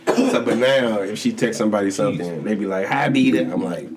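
A man co-hosting a casual sports chat, telling stories animatedly, jumping into high voices to act out quotes and laughing often. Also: quick pace, crowd noise. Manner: animated storytelling, acts out quotes with big pitch jumps, swears a lot. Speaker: podcast co-host.

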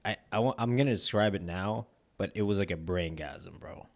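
A man's voice: deep voice, normal speed, creaky. A man whose first language is not English, chatting casually while eating, rambling with lots of slang and filler and laughing often.

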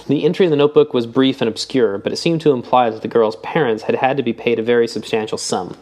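Steady male audiobook narrator. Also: medium pitch, fast talker. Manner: reads steadily, lifting his voice for quoted dialogue. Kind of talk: scripted narration.

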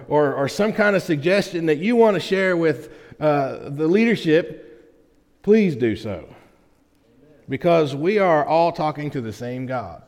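A male pastor with a slightly high voice, preaching in a relaxed, folksy way. He keeps checking in with his congregation as he goes. His voice rings with the long reverb of a big church sanctuary. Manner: folksy, with frequent "right?" check-ins to the congregation. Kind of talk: conversational sermon to a congregation.

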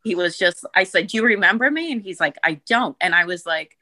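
A woman in her thirties with a New Jersey accent, telling a story on a podcast in a lively, profane way and acting out the quotes loudly. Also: lowish voice, a little fast, no room sound, rough recording. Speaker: guest storyteller.

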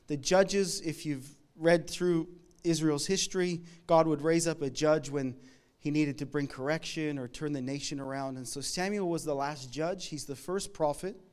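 A man from Canada delivers a sermon in a slightly high, clean and resonant voice. He tells a story in a conversational way, breaking off now and then to speak straight to his listeners. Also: darkish tone, smooth. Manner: storytelling, conversational, with quick asides. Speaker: pastor.

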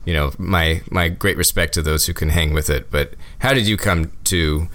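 Easygoing low-voiced podcast host. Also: male voice, normal speed, a bit bright, dry recording. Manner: easygoing, self-deprecating, laughs often. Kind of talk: scripted intro and conversational interviewing.

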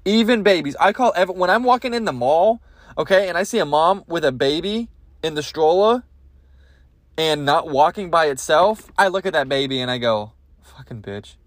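Guy doing a sweary comedy rant, kinda high voice, super dry close mic. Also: expressive, normal speed, no room sound. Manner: crude, rambling rant with lots of swearing. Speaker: podcast host. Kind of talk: comedic monologue.

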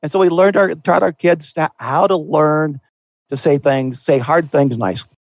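A man's voice: a little high, steady tone, normal speed, dry recording, low-quality recording. A man speaking earnestly and conversationally on a Christian talk show, often repeating a word as he restarts.

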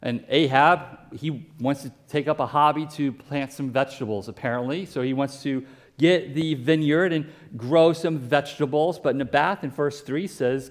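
A pastor preaching a sermon in a conversational way, with asides and everyday comparisons. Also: male voice, a little high, moderate pace.

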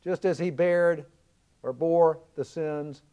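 A high-pitched man from the American South delivers a sermon. He retells the story earnestly, leaning in and swelling to loud emphasis on key lines. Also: slow pace, clear, resonant tone. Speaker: preacher.

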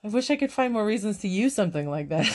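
A woman's voice: medium pitch, fast talker. A woman chats casually about a film with a co-host. She swears freely and laughs a lot, and her voice sits in a middle register. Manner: profane, animated, laughs often. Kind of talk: casual movie review chat.

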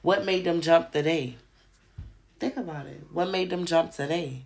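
A woman's voice: low-pitched, normal speed, creaky, darkish tone. A woman host delivering a heated, profane monologue on her podcast, hammering rhetorical questions. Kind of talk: ranting monologue.

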